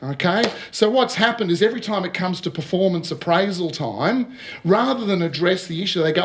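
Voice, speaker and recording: A man's voice: sits high, a little fast. A middle-aged man giving a casual talk on recruitment, telling anecdotes, acting out the dialogue and often checking in with his listeners. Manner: lively storyteller who acts out dialogue and keeps checking with "all right?". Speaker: speaker on recruitment.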